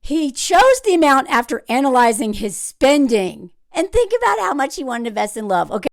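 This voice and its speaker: A woman's voice: sits high, very animated, a little fast, vocal fry, no room sound, clean studio sound. A young woman giving sarcastic, riled-up commentary on dating, talking emphatically. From United States. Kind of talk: opinionated commentary vlog.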